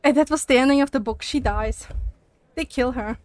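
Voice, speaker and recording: A young woman livestreams while walking on a walking pad, a little out of breath as she chats casually with her live chat. Her high-sitting voice moves at a moderate pace with no room sound, and she's animated, swears, and laughs often.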